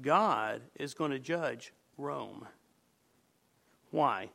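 Gravelly, emphatic man preaching a sermon. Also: expressive, very slow, sharp tone. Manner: earnest, emphatic, drops to a low murmur on key words.

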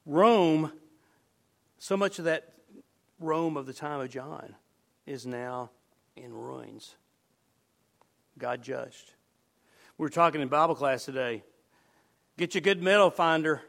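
A middle-aged man preaching a sermon, earnest and emphatic, dropping to a low murmur on key words. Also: measured pace, vocal fry, pauses often, fairly bright tone.

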